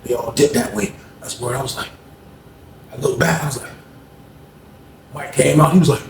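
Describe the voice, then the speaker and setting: A man's voice: mid-range voice, normal speed, creaky, a little hiss or hum. Man telling a rowdy story, roomy sound. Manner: profane, vivid, acts out scenes with hummed sound effects. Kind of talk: animated street storytelling. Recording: roomy echo.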